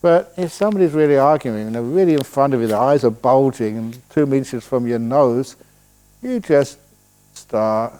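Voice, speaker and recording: A man, a Buddhist monk, giving a relaxed dharma talk at a retreat, telling stories and answering questions with playful humor. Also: medium pitch, clean tone. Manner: storytelling, playful, slows voice to demonstrate calm. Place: retreat hall.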